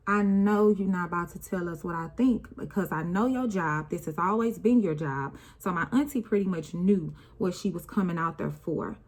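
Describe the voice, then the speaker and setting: A young woman talking through an emotional personal story while doing her makeup, with a casual, rambling, conversational delivery and speech. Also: lowish voice. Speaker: vlogger.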